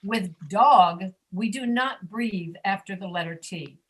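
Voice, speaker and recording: Patiently correcting her students, a woman teaches an online pronunciation lesson by video call, modeling each sound slowly. She speaks at medium pitch with a breathy edge.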